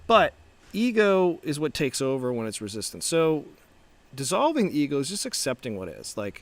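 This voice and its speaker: His voice runs on the high side with huge swings in pitch, and he talks at a normal speed. The middle-aged startup founder and coach is giving a casual, reflective motivational talk to camera, restarting often and asking rhetorical questions.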